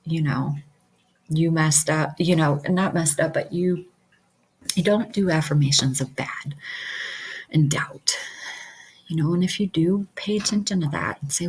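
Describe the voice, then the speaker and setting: Low, breathy, slow-talking woman. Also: rough recording. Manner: earnest, repeats affirmations, many fillers. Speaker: QHHT practitioner. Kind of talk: casual talk to camera.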